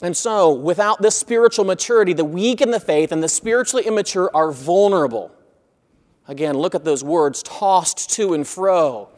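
A man preaching an expository sermon as pastor, earnest, growing loud when reading scripture and quiet on asides. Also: high voice, animated, moderate pace, long reverb tail.

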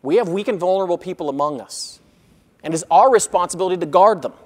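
A man preaching an expository sermon as pastor, earnest, growing loud when reading scripture and quiet on asides. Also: high voice, animated, fast talker, in a large hall.

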